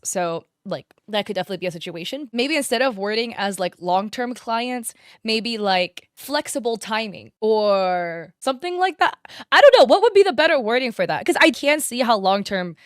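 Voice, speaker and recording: Female vlog host, casual commentary, chatty and slangy, mid-pitched, dry close sound. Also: lively intonation, normal speed, hardly any pauses, clear, resonant tone, dry recording. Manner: chatty, gushing, slangy with lots of "like". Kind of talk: casual commentary on online art drama.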